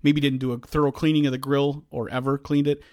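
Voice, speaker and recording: A man, a podcast host, telling a long frustrated story in casual chat, shouting now and then as he acts out the scene. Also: mid-range voice, quick pace, no room sound, studio quality. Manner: animated, yells when reenacting.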